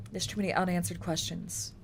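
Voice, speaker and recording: A woman streamer reading aloud and chatting on a live stream, excitable and incredulous, with casual swearing. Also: on the low side, a little hiss or hum.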